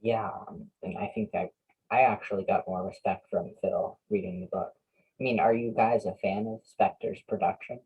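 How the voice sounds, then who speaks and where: A man with a low, very raspy voice hosts a relaxed podcast chat, tossing out questions with plenty of "um"s and the odd joke. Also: moderate pace, phone-quality sound. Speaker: podcast host. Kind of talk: casual podcast interview.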